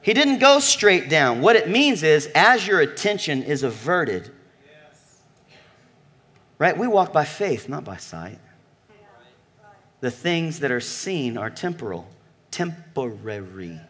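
A man preaching to his congregation with a fairly high voice. He throws out questions, booms out key phrases, then drops to a near-murmur for weight. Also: very animated, slow pace, long pauses, slightly rough. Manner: emphatic preaching, swings from loud calls to low murmurs. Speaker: pastor. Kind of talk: sermon.

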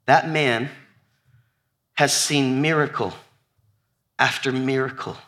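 Slowly and in a mid-range male voice, a pastor gives an animated sermon to his church congregation. He shifts from almost-whispered repeated lists to loud calls aimed at the crowd.

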